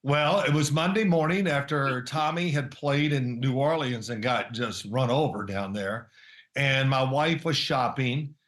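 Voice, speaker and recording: A man's voice: mid-range voice, a little slow, fairly bright tone, echoey room. An older man, a former quarterback, chatting as a guest in an interview and rambling through anecdotes with chuckles. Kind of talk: casual interview chat.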